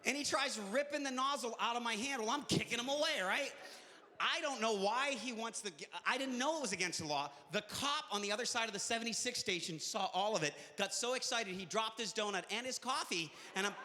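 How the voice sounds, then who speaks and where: A man performing live stand-up comedy, telling animated stories and jumping into shouted character voices. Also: extremely high pitch, fairly quick. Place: live venue with audience. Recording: echoey live hall.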